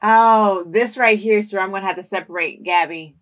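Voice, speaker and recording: A woman hosting an anime reaction video, talking back at the screen and bursting into loud, emotional outbursts with cursing. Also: mid-range voice, moderate pace. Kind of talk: reaction commentary.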